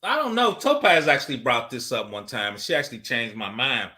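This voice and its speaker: A man's voice: medium pitch, animated, brisk, pushed and bright. A man in casual podcast chat, asking blunt, challenging questions.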